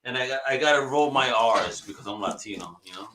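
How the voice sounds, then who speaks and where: A man co-hosting a live show, chatting excitably in slang while selling comic books. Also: medium pitch, a little fast, echoey room, slight background noise. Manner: excitable, slangy, says "bro" and "yo". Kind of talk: casual live show chat.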